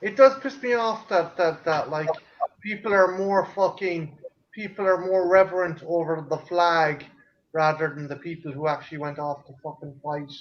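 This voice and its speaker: An Irish man hosting a casual late-night chat stream, talking in a loud, profane and boisterous way. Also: a little high, steady tone, normal speed, dull audio, slight background noise. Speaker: channel host.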